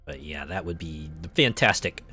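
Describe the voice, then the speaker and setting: A man's voice: very deep voice, expressive, normal speed, slightly rough. A man who streams as a VTuber, chatting casually and rambling with lots of fillers while he plays a game. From United States. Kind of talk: casual chat while gaming. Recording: loud racing game music and engine noise behind. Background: game music and race car sounds.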